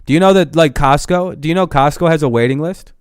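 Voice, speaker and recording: Young guy streamer ranting and cussing a lot, smooth clear voice, dry close sound. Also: on the high side, quick pace, dry recording. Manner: heated, profane, ranting. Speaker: live streamer. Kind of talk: casual live stream rant.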